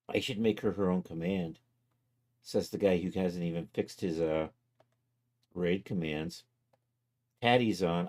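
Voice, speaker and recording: Easygoing male streamer, low mellow voice, thinks aloud in a casual sign-off chat. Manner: easygoing, thinks aloud while clicking around.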